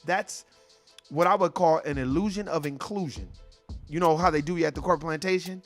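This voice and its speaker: Host, male, slightly high voice, blunt and animated, faint music underneath. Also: moderate pace. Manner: blunt, emphatic, profane, animated. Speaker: podcast host. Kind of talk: casual conversation.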